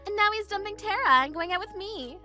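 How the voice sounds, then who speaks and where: A woman's voice: very high-pitched, lively intonation, a little fast, pushed and bright, faint music behind, voice pushed up, exaggerated voice. Misty, a woman doing a gloating mean girl. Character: smug mean-girl young woman, boastful.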